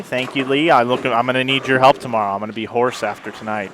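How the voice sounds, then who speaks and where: A man's voice: medium pitch, brisk, few pauses, a bit bright, a little hiss or hum. A man giving live play-by-play bowling commentary, chatty, correcting himself and making friendly asides to viewers. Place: bowling center.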